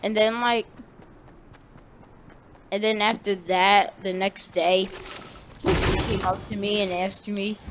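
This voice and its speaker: A man's voice: high-pitched, little pitch movement, takes it slowly, pauses often, a bit bright, slight background noise. A teenage boy telling a casual story-time tale, rambling and correcting himself often. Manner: rambling, full of fillers and self-corrections.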